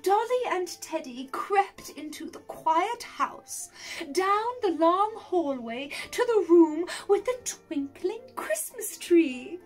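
Woman storyteller, very slow, high voice, gentle, expressive, soft music behind. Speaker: storyteller for pre-school children. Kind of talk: picture book reading.

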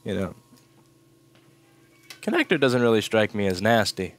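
A man's voice: on the low side, big pitch swings, a little slow. A man with a stuffy cold walking through a circuit board repair at his workbench, blunt and swearing when annoyed. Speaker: repair technician. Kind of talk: casual repair walkthrough.

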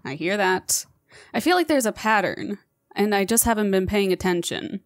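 A woman's voice: mid-range voice, a little fast, dry recording. A woman hosting a let's play, chatting through her gameplay, often laughing and coaxing the game's monster as if it were a pet. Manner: frequent laughter. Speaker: gaming channel host.

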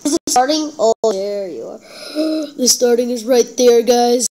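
A woman with a high voice narrates her gameplay in slow, drawn-out phrases. She is excitable and self-deprecating, talking straight to her viewers as she plays. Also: slight background noise, rough recording. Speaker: gameplay channel host. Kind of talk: casual gameplay commentary.

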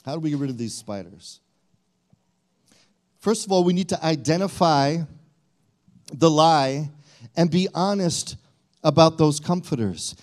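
A man's voice: fairly high pitch, animated, measured pace, long pauses. A male pastor preaching a sermon in a conversational way, often repeating and restarting his phrases.

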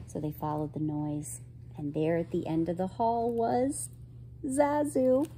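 Female storyteller for children, gentle and expressive, slow-paced and sing-song. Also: deep voice, a little hiss or hum, rough recording. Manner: gentle, expressive, asks listeners questions. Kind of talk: reading a children's picture book aloud.

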